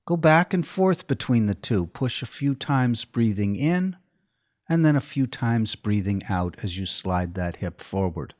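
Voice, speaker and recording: A man giving a slow, calm, step-by-step guided body-awareness lesson as movement instructor. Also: mid-range voice, no echo, clean studio sound.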